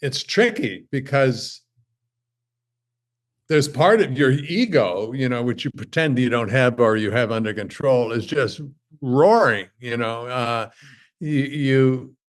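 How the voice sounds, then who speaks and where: A man as a podcast guest in casual chat, halting and self-deprecating, often repeating words as he talks. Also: medium pitch, expressive.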